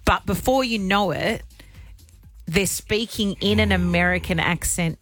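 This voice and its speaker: A woman's voice: medium pitch, unhurried, a bit bright, soft background music. Chatty woman radio host. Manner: self-deprecating, chatty. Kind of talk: casual radio banter.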